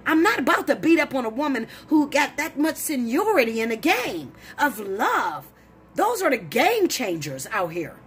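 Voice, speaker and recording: Blunt, profane woman ranting, voice leaping high. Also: a little hiss or hum. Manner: blunt, profane, preachy, rising to shouts. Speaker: tarot reader. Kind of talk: heated monologue to camera.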